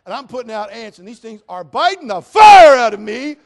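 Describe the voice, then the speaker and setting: A male pastor with a high voice delivers a storytelling sermon. He preaches in a folksy, animated way with plenty of humor, talking directly to the people in front of him. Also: a little fast.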